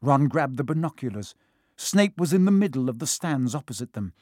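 A man narrating a children's storybook in a steady, expressive reading. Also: mid-range voice, fairly quick, no echo, studio quality. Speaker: audiobook reader.

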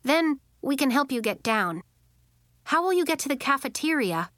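A woman's voice: sits high, very animated, normal speed, a bit bright, no room sound, studio quality, pitched above the performer's own voice. A woman voicing a confident, kind young girl in a storybook reading, speaking in a friendly, take-charge way.

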